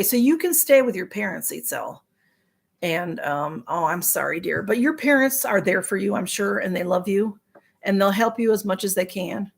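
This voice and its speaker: A woman hosts a relaxed live stream and talks straight to her viewers. Her tone is chatty and sympathetic, and her sentences are full of ums, pauses and restarts. Her pitch sits in a middle range. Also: creaky, breathy edge. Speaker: livestream host reading viewer comments. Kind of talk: casual live-stream chat.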